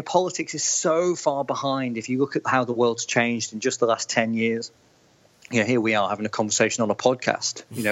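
A man speaks earnestly as an interview guest, often doubling back and restarting his sentences. His audio is slightly muffled and dull. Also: medium pitch. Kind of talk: casual interview answer.

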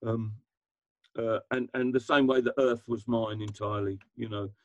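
A man in his seventies, a guest musician, talking reflectively in an interview, self-deprecating and halting with many restarts. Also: mid-range voice, fairly even intonation, no room sound, dull audio.

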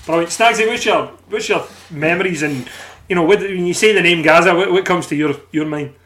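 A man with a high voice hosting a casual fan podcast. He tells his stories with energy, swears often and acts out the people in them. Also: fairly quick, fairly bright tone. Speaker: podcast host.

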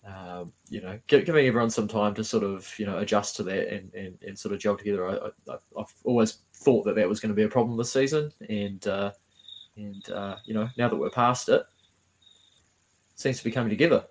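Male co-host, lowish voice, halting, repeats words, casual fan chat. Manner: hesitant, repeats words while thinking. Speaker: podcast co-host.

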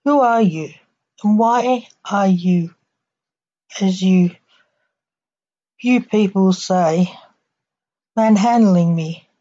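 A woman's voice: fairly low pitch, expressive, moderate pace, hardly any pauses, warm tone, no room sound. A woman voicing a haughty, demanding grey male alien assassin, on a dull lo-fi recording.

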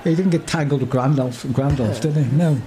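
A man's voice: fairly high pitch, brisk, mellow, slight background noise. A man reading a story aloud and chatting about it in a jokey way. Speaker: story reader. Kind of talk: casual reading and chat.

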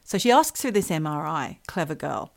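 Middle-aged woman chatting, tells stories all animated, swears a lot. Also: low voice, moderate pace, gravelly. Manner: expressive storyteller, swears freely. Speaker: podcast co-host. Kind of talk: casual chat, reading a listener's story.

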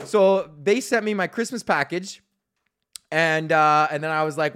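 Profane rambling man with raised pitch. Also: measured pace, a bit bright, smooth. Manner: swears constantly, rambling and mocking. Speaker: podcast host. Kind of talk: profane casual rant.

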